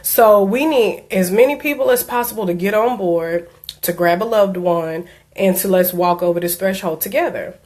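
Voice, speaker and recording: An earnest, emphatic woman speaks as a coach in a mid-range voice, repeating key points with conviction. She shifts between steady advice and heartfelt storytelling. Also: medium pitch, normal speed. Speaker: diabetes life coach. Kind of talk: personal motivational talk.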